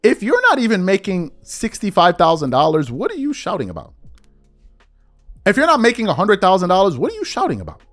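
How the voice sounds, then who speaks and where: A man's voice: high voice, wildly swooping pitch, brisk, fairly bright tone, soft background music. A man hosting a podcast, delivering an exasperated opinion rant full of repeated rhetorical questions. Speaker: podcast host.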